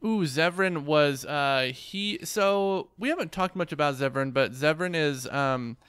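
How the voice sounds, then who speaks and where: A man's voice: a little high, a little slow, fairly bright tone, clean tone. A man co-hosting a gaming podcast, explaining things carefully with many hesitations and restarts. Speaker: podcast co-host. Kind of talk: casual gaming podcast chat.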